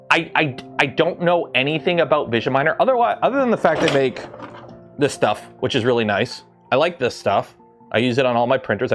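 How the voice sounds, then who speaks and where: A man's voice: a little high, a bit bright. A man from Canada hosting a casual livestream in his garage, rambling and breaking off to answer chat as he works. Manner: rambling, self-interrupting, reads chat aloud. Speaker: livestream host. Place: home garage.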